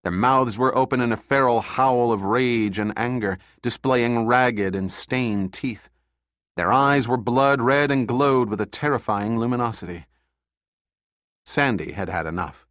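A man reading an audiobook in a steady, measured narration. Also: medium pitch, no echo, clean studio sound.

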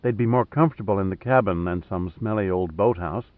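A man reading a stubborn, intelligent woman who speaks softly with slight huskiness. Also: deep voice, brisk, dry recording, natural voice. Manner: soft, quiet delivery. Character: stubborn, intelligent young woman, soft-spoken. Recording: narrow phone-like sound.

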